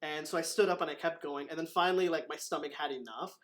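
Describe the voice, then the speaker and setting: A man with a slightly raised voice hosts a relaxed chat as a martial arts instructor. He rambles through his stories, leaning on fillers and acting out what others said. His tone stays easygoing and conversational. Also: on the high side, quick pace. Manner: rambling, filler-heavy retelling with acted quotes. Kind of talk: casual storytelling chat.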